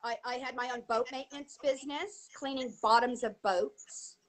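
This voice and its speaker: A woman's voice: on the high side, steady tone, moderate pace, poor audio. A woman, an actress guest, chatting casually on a video call, giggly and hesitant with many restarts.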